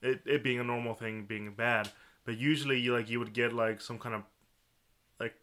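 A man co-hosting a podcast, discussing a film in casual chat, halting and restarting as he searches for words. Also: mid-range voice, steady tone, a bit bright. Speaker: podcast co-host.

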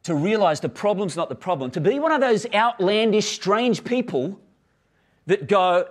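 A lively man preaches a sermon to a congregation, his pitch swinging widely as he acts out the voices in his stories. He sits a little higher than most men, and he laughs easily and talks in a casual, friendly way. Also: moderate pace. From Australia. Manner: animated storytelling, acts out dialogue, laughs easily. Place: church hall with live congregation and online stream.

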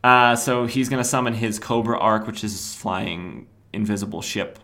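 A man's voice: on the low side, moderate pace, pushed and bright. A man hosting a podcast, recapping a comic in a rambling, casual way with filler words. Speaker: podcast host.

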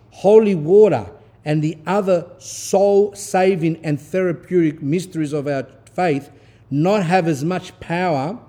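A preaching man with a dark, mellow voice that sits a little high. He reads a stern text with force and breaks off to explain it in plain asides. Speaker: Orthodox priest giving a talk. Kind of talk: sermon reading a text with commentary.

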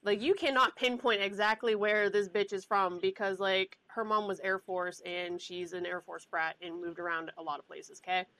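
A woman's voice: medium pitch, fairly even intonation, moderate pace, few pauses, bright, forceful tone, dry recording, low-quality recording. A woman from the US South and Pittsburgh, chatting emphatically and teasing her friends. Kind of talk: casual chat.

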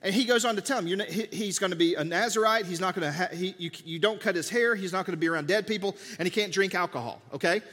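Male pastor, high voice, conversational sermon, acts out scripture dialogue, church hall echo. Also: fast talker, few pauses, a bit bright. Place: church sanctuary.

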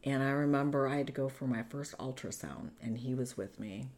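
A woman with a strikingly deep voice and a gravelly, fried edge speaks as a guest in a sit-down interview. She tells her own story candidly and in detail. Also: fairly quick, darkish tone. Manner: candid, retelling past conversations.

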